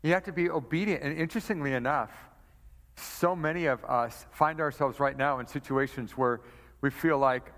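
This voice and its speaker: A man's voice: medium pitch, normal speed, fairly bright tone. Earnest preaching man in reverb. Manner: earnest, repeating rhetorical questions. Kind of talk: preaching commentary.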